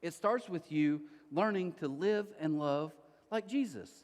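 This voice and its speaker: A man in his forties preaching a sermon in a church auditorium, telling stories in an animated way and acting out the quotes. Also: a little high, a little slow, long reverb tail. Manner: animated storytelling, acts out quotes. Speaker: pastor.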